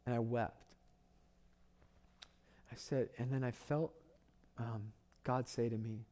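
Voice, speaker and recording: A man's voice: medium pitch, flat delivery, takes it slowly, pauses often, dark tone. A man, a pastor preaching a sermon with impassioned storytelling and repeated phrases for emphasis.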